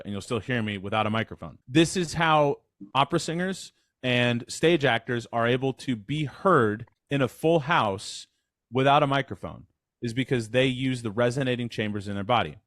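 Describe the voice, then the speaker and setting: Guy running a voice workshop over video call, mid pitch, dry close sound, chatty and energetic. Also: dry recording. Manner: energetic, chatty, demonstrates with his voice. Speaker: voice coach leading a workshop. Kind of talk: casual instructional talk. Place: online call.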